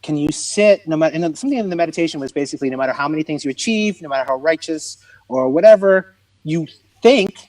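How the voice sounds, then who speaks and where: A man's voice: a little high, expressive, fast, a little mellow, dry recording, rough recording. A middle-aged man, a comedian guest, telling stories in conversation and acting out quoted lines with big swings. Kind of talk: conversational storytelling.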